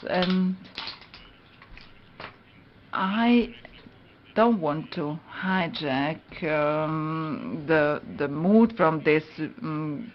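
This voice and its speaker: A man gives a formal closing address at a slow pace, pausing often with fillers. The audio is dull and lo-fi, as from a conference recording. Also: high-pitched, a little hiss or hum. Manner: formal, hesitant, many fillers. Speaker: think-tank director closing a conference.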